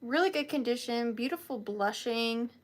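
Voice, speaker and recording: A woman's voice: on the high side, expressive, moderate pace. A woman hosting a live online sale of vintage items, chatting casually and gushing over each piece. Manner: chatty and gushing, calls items little cuties.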